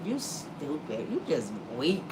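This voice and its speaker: A woman putting on a low purring temptress Eve. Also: big pitch swings, distant mic, heavy background noise, exaggerated voice. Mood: seductive. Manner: slow, low, purring and coaxing.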